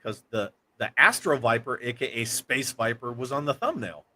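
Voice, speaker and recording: A man's voice: mid-range voice, expressive, moderate pace, sharp tone. A man hosting a casual livestream, reading viewer comments aloud and joking around. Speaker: livestream host.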